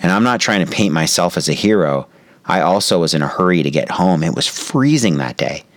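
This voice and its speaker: A man with a very low voice speaks as a meditation teacher, telling a reflective story. He talks calmly and slows down to stress key moments. The recording is dry and close. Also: no room sound. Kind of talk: reflective spoken talk.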